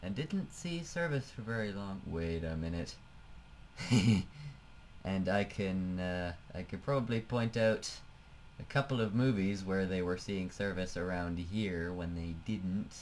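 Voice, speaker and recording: A man's voice: low voice, unhurried, a little mellow, slight background noise. A man giving casual, chatty commentary over a flight-sim game, thinking aloud and trailing off as he clicks through menus. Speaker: let's play host.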